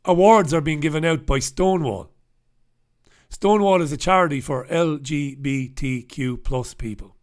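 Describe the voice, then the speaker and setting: A man's voice: on the high side, moderate pace. A man hosting a solo comic newspaper review, rambling and swearing, breaking into snatches of song. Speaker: host.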